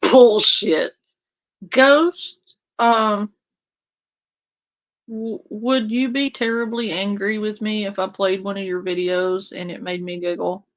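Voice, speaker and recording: A woman rants in a slow, unhurried way, sarcastic and crude. Her voice sits in a middle range. The recording is a little dull and lo-fi. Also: medium pitch, steady tone. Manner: sarcastic, crude, mocks with a whiny imitation. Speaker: commentary streamer. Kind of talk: casual ranting commentary.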